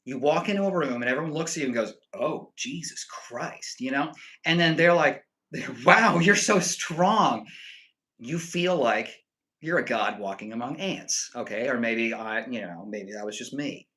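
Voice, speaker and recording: A young man chatting casually with his stream viewers and rambling through animated stories full of fillers. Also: mid-range voice, normal speed, low-quality recording. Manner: rambling, animated storytelling full of "like" and "you know".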